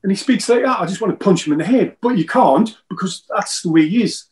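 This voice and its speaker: A man, talking in a loose, rambling way. He jokes around and circles back over his own words while recalling old times, his voice sitting a little high. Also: animated, fast talker, darkish tone, poor audio. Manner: rambling, joking, repeats himself. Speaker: former footballer guest. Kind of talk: casual interview chat.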